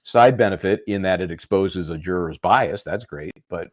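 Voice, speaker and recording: A man lawyer co-hosting a legal commentary show, measured and wry with dry humor. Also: deep voice, dry recording. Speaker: lawyer and co-host. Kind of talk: casual legal commentary chat.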